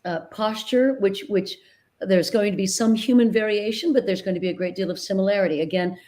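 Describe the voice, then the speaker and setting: A woman dialect coach talking in a casual interview, earnest and animated as she tells stories, over a video call mic. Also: medium pitch, brisk. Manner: animated, earnest storyteller with sudden bursts of laughter. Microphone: video call microphone.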